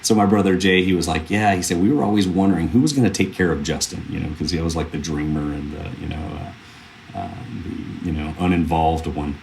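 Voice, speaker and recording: His voice is deep, gravelly, and a little mellow, moving at a fairly quick pace over slight background noise. The man, a film producer in his thirties appearing as a podcast guest, shares earnest stories in a casual, rambling way with fillers and restarts.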